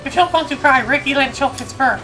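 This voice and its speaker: A woman's voice: high voice, brisk, sharp tone, poor audio. A woman voicing a small boastful male creature who talks in broken, childlike grammar, with game music behind. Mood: excitable.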